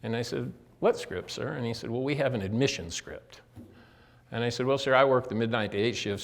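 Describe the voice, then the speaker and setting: A man's voice: fairly low pitch, creaky. Older man telling folksy recovery stories. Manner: folksy storytelling, acts out quoted dialogue; direct address to listeners. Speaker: guest speaker. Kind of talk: motivational talk to inmates. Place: prison meeting room.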